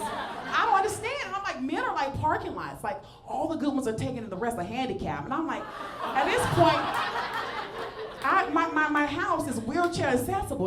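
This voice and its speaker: A woman's voice: high voice, noisy background. A woman from the Southern US with a Southern accent, doing a playful, self-mocking stand-up comedy set on a club stage into a handheld mic. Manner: animated, self-mocking, playful asides to the crowd. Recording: echoey club with audience laughter.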